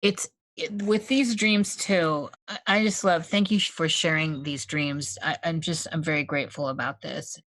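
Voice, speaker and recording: A woman hosting an interview, reacting warmly and enthusiastically and asking follow-up questions. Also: sits low, fairly even intonation, no echo. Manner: enthusiastic, affirming, quick to laugh. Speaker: podcast host. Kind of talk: conversational interview.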